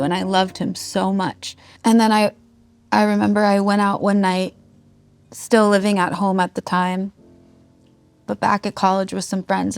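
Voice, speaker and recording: A woman's voice: mid-range voice, gravelly. A woman in her thirties, a musician, candidly telling a raw personal story, heartfelt and swearing freely. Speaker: guest musician.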